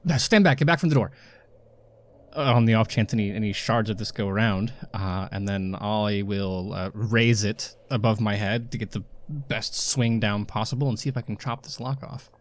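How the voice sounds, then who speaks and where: A man's voice: on the low side, fairly even intonation, moderate pace, hardly any pauses. A man playing a tabletop game, eagerly describing his character's actions with some stammering. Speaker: player.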